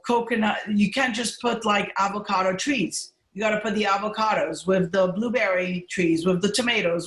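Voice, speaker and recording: A woman physician talks as a podcast guest, telling stories with lively bursts of enthusiasm. She speaks over a video call from an echoey room. Her pitch sits in the middle of the range. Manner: animated, storytelling, quick bursts of enthusiasm. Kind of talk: casual interview chat.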